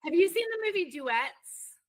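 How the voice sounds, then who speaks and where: A woman's voice: extremely high pitch, sing-song, moderate pace, dry recording, poor audio. A woman co-hosting a podcast in casual, playful chat, often laughing. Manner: playful, giggly. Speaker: podcast co-host.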